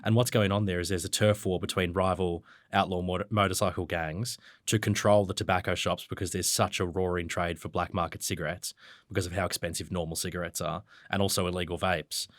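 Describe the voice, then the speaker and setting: Australian man, journalist, very deep voice, dry close sound, detailed and fluent. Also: flat delivery, fairly quick, dry recording. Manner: fluent, detailed, occasional ums and restarts. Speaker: journalist guest. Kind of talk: conversational news discussion.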